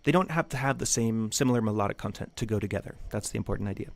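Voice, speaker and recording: A man's voice: fairly low pitch, racing, gravelly, dry recording. A man teaching music theory in a loose, conversational lecture with jokey asides. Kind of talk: casual lecture.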